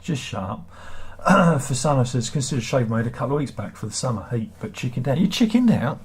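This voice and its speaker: A man's voice: mid-range voice, fast talker, a little mellow, slightly rough. A middle-aged man hosts a livestream, chatting casually and reading viewer comments in a sarcastic, rambling way. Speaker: livestream host.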